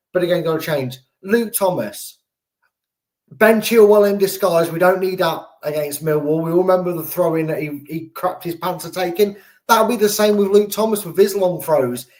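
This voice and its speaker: English guy hosting a footy fan show, bit high voice, jokey and rambly. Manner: chatty, jokey, rambling with restarts. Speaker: fan channel host. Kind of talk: casual football preview chat.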